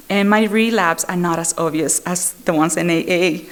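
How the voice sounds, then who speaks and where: A woman's voice: fairly low pitch, moderate pace. A woman speaker at a recovery meeting, sharing her own story in a candid, self-mocking way, with frequent fillers and restarts. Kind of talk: personal recovery share at a meeting. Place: meeting room.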